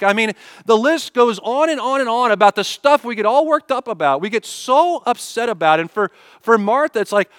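A man delivers a sermon in a fairly high voice, firing rhetorical questions and acting out everyday gripes. The sound is dry and close, with little room around it. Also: animated, moderate pace, a bit bright, dry recording. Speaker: pastor.

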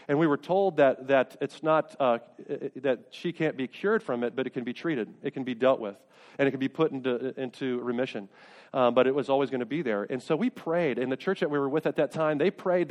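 Middle-aged pastor guy preaching, kinda high voice, earnest, repeats himself, big church reverb. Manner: earnest, builds to pleading intensity, repeats phrases. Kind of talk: sermon. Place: church sanctuary. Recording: long reverb of a church hall.

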